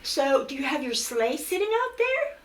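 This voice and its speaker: An older woman hosting a children's storytime show, talking to puppets in a gushing, animated way. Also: sits high, moderate pace, echoey room, rough recording. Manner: gushing, sing-song and animated. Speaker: storytelling host.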